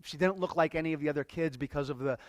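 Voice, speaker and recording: Man, somewhat high voice, emotional storytelling to an audience, halting delivery, dry close sound. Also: dry recording. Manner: emotional, halting, repeats words. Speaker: workshop speaker. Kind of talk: personal storytelling to a live audience.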